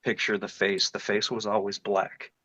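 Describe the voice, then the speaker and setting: A man's voice: lowish voice, little pitch movement, moderate pace, sharp tone, no room sound, rough recording. A middle-aged man from northeast Ohio, an interview guest earnestly recounting a frightening encounter in vivid detail, often restarting his phrases. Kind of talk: personal storytelling in an interview.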